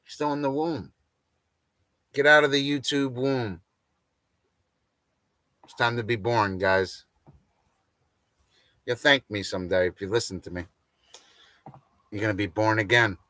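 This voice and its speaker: Brief: rambling livestream host, crude jokes, loose banter, dry close sound. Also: male voice, mid-range voice, a little slow, long pauses, bright, forceful tone, no room sound. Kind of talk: casual livestream rant.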